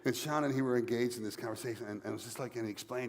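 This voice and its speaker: A man's voice: mid-range voice, steady tone, very fast, hardly any pauses, long reverb tail, a little hiss or hum. Joking Newfoundland man telling a story. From Newfoundland, Canada. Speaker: author guest. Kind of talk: live storytelling on stage. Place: library event hall.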